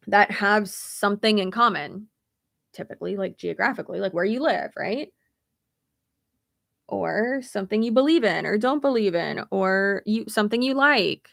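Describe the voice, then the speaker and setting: A woman's voice: medium pitch, gravelly, a bit bright, dry recording, clean studio sound. A young woman creator ranting in a casual livestream, blunt and rambling, swearing freely. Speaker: YouTube creator.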